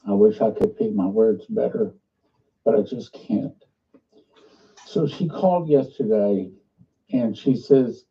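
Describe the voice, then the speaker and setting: Earnest man making a distant, muffled appeal. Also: mid-range voice. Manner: earnest, halting, restarts often. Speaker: ministry leader. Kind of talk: fundraising appeal with sermon. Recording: muffled, distant played-back clip.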